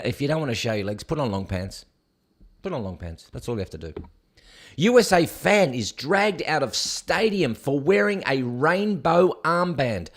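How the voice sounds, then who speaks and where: A man hosts a casual news show in a sarcastic, scoffing tone as he rants about each headline. His voice sits a little high. It swings up and down a lot as he reacts. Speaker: show host. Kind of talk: casual news commentary rant.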